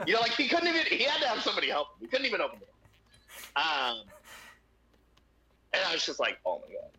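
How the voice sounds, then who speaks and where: A man in his thirties chatting casually on a podcast, telling profane, animated anecdotes with quoted voices. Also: high-pitched, fast, slight background noise. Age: 30s. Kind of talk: casual chat, storytelling. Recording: dull lo-fi audio.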